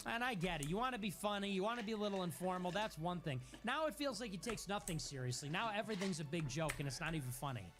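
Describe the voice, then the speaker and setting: A man hosting a livestream, ranting in a casual, profane and animated way. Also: high voice, quick pace, few pauses, music in the background. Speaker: livestream host.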